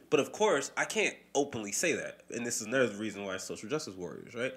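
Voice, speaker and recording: A man's voice: medium pitch, fairly quick, hardly any pauses. A man co-hosting a podcast in casual, profane chat. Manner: animated, profane, mimics voices when quoting people. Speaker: podcast co-host.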